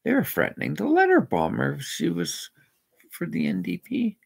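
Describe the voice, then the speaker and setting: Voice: mid-range voice, wildly swooping pitch, normal speed, vocal fry, husky. A speaker from Canada, ranting indignantly in a rambling personal vlog. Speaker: vlogger. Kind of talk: angry personal rant.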